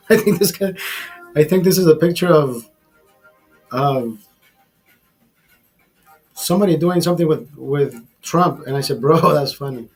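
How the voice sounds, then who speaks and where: A man's voice: on the high side, darkish tone. A man hosting a casual livestream, rambling and repeating himself while swearing freely. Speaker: livestream host.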